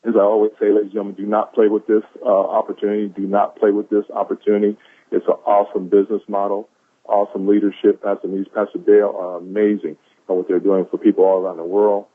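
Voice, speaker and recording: A man with a lowish, monotone voice speaks at a quick pace, with no echo, over a tinny phone line. He calls in to share quotes of the day, giving a preachy, enthusiastic motivational talk on a conference call and repeating lines for emphasis.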